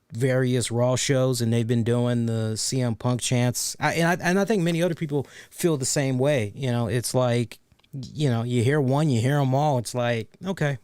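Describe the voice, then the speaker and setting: A man's voice: mid-range voice, clear, resonant tone, no echo. A man hosting a wrestling review show, ranting sarcastically with lots of swearing and repeated phrases. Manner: animated, sarcastic, profane, repeats phrases for emphasis. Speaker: podcast host. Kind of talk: casual wrestling review rant.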